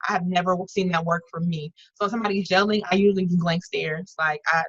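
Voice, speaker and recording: A woman's voice: lowish voice, fairly even intonation, quick pace, fairly bright tone, dry recording, dull audio. A woman leading an online workshop, talking earnestly and conversationally with frequent restarts and fillers over a video call. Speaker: workshop facilitator.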